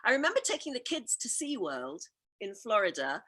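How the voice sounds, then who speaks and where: A woman's voice: medium pitch, big pitch swings, normal speed, bright, forceful tone, breathy edge. Enthusiastic woman co-hosting a chat. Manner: enthusiastic, reads out viewer questions. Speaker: co-host. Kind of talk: casual chat show interview.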